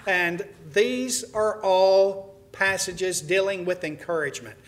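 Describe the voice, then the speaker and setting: A man's voice: high-pitched, measured pace, a bit bright. A middle-aged man preaching to his congregation, telling a story in a folksy way with many "uh"s and restarts. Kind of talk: sermon to a congregation.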